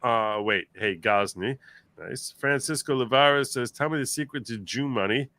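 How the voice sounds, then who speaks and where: A man's voice: mid-range voice, normal speed, dry recording. A man hosting a livestream panel in casual chat, reading viewer comments aloud and laughing often. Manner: animated, laughs often, mimics voices. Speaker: livestream host.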